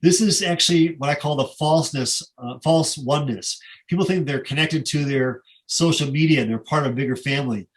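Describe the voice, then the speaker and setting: A man's voice: fairly high pitch, fairly quick. A middle-aged man giving a casual slide presentation, conversational and rambling, with many fillers and asides.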